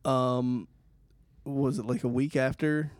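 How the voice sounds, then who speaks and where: A man's voice: mid-range voice, fairly even intonation, slow pace, no room sound. Hesitant man, dry close mic. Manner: hesitant, many ums and uhs. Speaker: podcast co-host. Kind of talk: casual chat.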